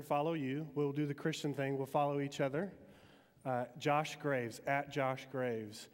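A man from Metro Detroit giving a relaxed, conversational sermon as a chapel speaker at a university, with frequent ums. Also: mid-range voice. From Metro Detroit, Michigan, US. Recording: long hall reverb.

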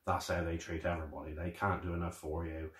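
A man's voice: deep voice, little pitch movement, quick pace. A man co-hosting a travel vlog in casual chat. He talks in a laid-back way and slips in dry jokes. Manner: laid-back and dryly joking. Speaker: travel vlogger co-host. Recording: roomy echo with faint music behind.

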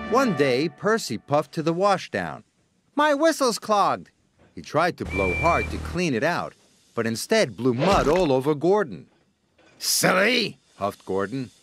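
A man reading a children's storybook in an expressive, gently dramatic way. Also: medium pitch.

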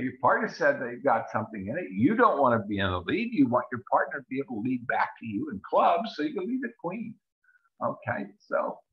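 A man teaches a card-game hand in a chatty walkthrough, his pitch swinging up and down as he acts out what each player is thinking. The recording sounds dull and lo-fi. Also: gravelly. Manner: chatty, acts out players' thoughts in little voices. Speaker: bridge teacher. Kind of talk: screen-share lesson walkthrough.

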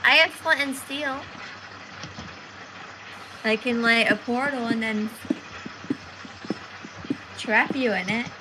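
Woman, gamer, bright clear tone, slow delivery, dry teasing. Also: fairly high pitch, slight background noise, low-quality recording. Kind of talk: casual gaming chat.

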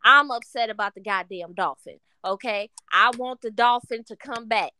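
A woman's voice: on the high side, normal speed, bright, forceful tone, slight background noise. A woman in a live app room voicing a playful complaint with plenty of swearing. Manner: playfully aggrieved, profane. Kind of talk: casual live-stream complaining.

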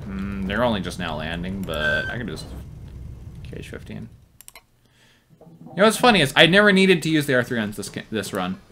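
A man's voice: on the low side, lively intonation, normal speed, pauses often, noisy background. A young man commenting on his own strategy game run, thinking aloud and swearing now and then. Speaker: gameplay commentator. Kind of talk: casual gameplay commentary.

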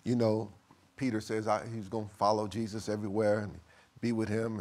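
A male pastor preaches a sermon, reading scripture at a measured pace and moving between quiet, low passages and loud, high bursts. His intonation stays fairly even.

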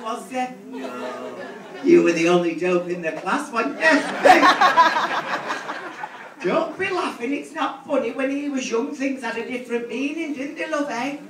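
Brash drag comic in an echoey hall. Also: male voice, high voice. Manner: brash, bawdy, teasing the audience. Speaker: drag comedian. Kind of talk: live stand-up with crowd work. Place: large theatre stage. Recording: distant echoey live theatre recording. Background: audience laughter.

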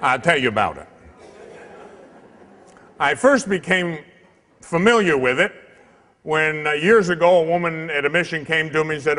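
A man's voice: on the high side, moderate pace, long pauses. A priest giving a comic, storytelling sermon in church, acting out the people in his tale. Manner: animated, comic storyteller who acts out the other people in the tale. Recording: long hall reverb.

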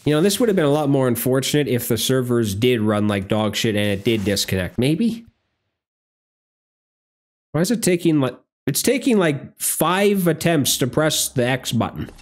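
A young man in casual game commentary, rambling and weary, dropping to flat mutters and then jumping up in bursts, speaking into a desk microphone. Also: mid-range voice, moderate pace. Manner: weary, rambling, swinging between flat mutters and excited outbursts. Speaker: gaming video creator. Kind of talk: casual live commentary while opening packs.

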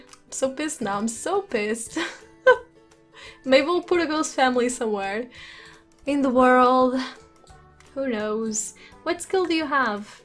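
Speaking right up against her desk USB mic, a high-voiced woman who makes gaming videos on YouTube talks through her play session in a let's play style. Her pace is unhurried and relaxed, she laughs frequently and reacts aloud, and soft game music runs in the background.

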